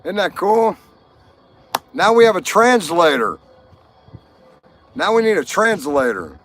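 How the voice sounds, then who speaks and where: A man's voice: high-pitched, sing-song, slow pace, fairly bright tone. A man hosting a casual livestream, chatting with viewers and telling jokes. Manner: chatty, jokey, talks to viewers. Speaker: livestream host.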